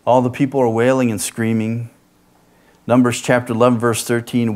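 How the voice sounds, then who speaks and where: A male pastor delivering a sermon in an animated, rhetorical way, often tossing in "right?" asides. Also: mid-range voice, normal speed.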